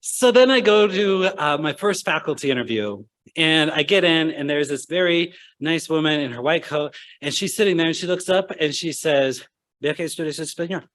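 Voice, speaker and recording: A man's voice: a little high, animated, moderate pace, hardly any pauses, a bit bright. A young man giving a humorous storytelling speech at a medical school ceremony, acting out voices from his anecdotes.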